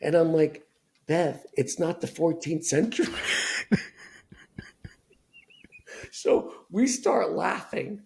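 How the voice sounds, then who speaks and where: Gravelly middle-aged man telling stories. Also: on the high side. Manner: animated storyteller, acts out family members' voices. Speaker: podcast guest. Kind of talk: candid storytelling conversation.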